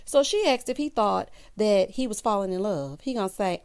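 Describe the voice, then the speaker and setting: A woman hosting a casual reality-show recap, talking sassily and straight to her viewers, with big jumps in pitch for emphasis. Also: normal speed, clear, resonant tone. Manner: sassy, animated, talks straight to the viewers. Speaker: TV recap host.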